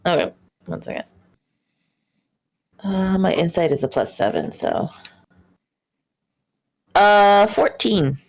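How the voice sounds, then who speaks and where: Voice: medium pitch, sing-song, slow pace, gravelly, pauses often. A player chatting casually at a tabletop game, laughing often.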